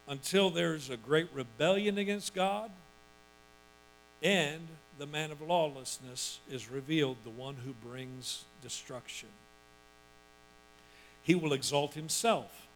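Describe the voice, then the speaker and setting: A male pastor preaching a sermon, reading scripture and breaking into loud, emphatic asides and acted-out quotes. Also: a little high, rough recording.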